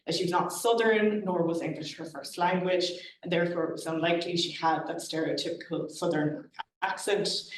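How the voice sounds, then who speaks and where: Speaking at an academic conference, a woman with a fairly low pitch reads her prepared paper in a formal, measured way, signaling quotations out loud. The recording comes from a distant mic in a heavily echoing lecture hall, with a little hiss or hum.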